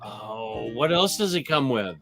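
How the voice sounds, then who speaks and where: A man's voice: medium pitch, lively intonation, unhurried, creaky, fairly bright tone, soft background music. A man co-hosting a casual live stream, easygoing and joking. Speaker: co-host.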